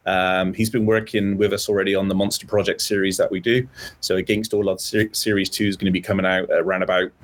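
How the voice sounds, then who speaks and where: A man's voice: deep voice, little pitch movement, quick pace. A man hosting a chat show, talking with many ums and uhs as he goes. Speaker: host. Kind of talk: casual chat.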